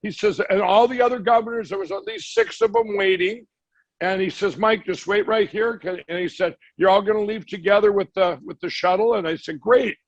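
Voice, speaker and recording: A man's voice: high-pitched, expressive, fairly quick, vocal fry, no echo. Guy guest rambling through a story, acts out what everyone said, dry slightly dull audio. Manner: rambling, acts out quoted dialogue. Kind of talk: storytelling in a conversation.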